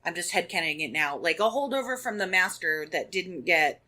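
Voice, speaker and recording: A woman co-hosting a casual fan podcast, her voice low-set but bright and forward. She rattles along in chatty asides with her co-hosts. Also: lively intonation, faint music behind. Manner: chatty, quick asides and laughs. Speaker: podcast co-host. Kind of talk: casual chat.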